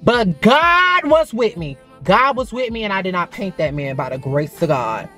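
A woman's voice: mid-range voice, sing-song, normal speed, a bit bright, faint music behind. Chatty profane woman vlogger, story time. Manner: chatty, frank and profane, calls the viewer "girl" and "baby". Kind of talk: casual story-time vlog.

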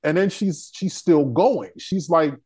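Husky young guy on a panel, cussing a lot, fired up and emphatic. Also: fairly high pitch, unhurried. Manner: profane, animated and emphatic. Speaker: panel discussion regular. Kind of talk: casual storytelling on a discussion panel.

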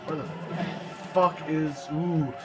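A young man narrates his gameplay in an irritated, profanity-laced rant. His voice sits a little high for a man. Game music plays clearly underneath his commentary. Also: steady tone, slow, poor audio. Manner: frustrated, swearing often. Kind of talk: let's play commentary.

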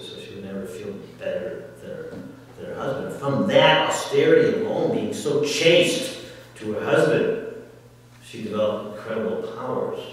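A man giving a spiritual discourse, telling a scripture story in an animated way and laughing often. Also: on the low side, slight background noise. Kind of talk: sermon storytelling. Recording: echoey hall, mic far off.

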